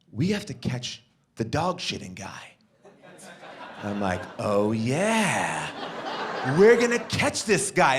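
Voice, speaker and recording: A man doing stand-up storytelling into a stage mic, with a high, lively voice that leaps up and down. He acts out each person in the story as he goes. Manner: animated, acts out every character in the story. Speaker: stand-up comedian.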